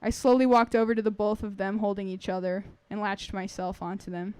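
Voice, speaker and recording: A woman's voice: mid-range voice, flat delivery, brisk, a little mellow, clear, resonant tone, no echo. A woman reading a personal story aloud to a live audience, wry and earnest.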